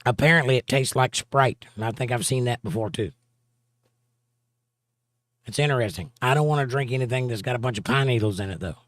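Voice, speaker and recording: A man's voice: medium pitch, fairly quick, pauses often, no room sound. Dry-sounding male livestream host. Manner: reads viewer comments aloud in a steady conversational drawl. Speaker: livestream host reading chat. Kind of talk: casual chat.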